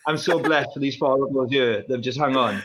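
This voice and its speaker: A man's voice: mid-range voice, brisk, crowd noise. A man with a South Wales Valleys accent, a guest who tells long, rambling comic stories in casual podcast chat. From Welsh valleys. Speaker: guest, former pro runner. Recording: echoey, dull room sound.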